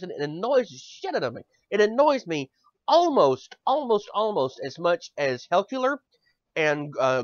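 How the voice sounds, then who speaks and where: A man's voice: a little high, dry recording. A male podcast host ranting in casual chat, swearing often and stammering over repeated words. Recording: dull dry lo-fi audio.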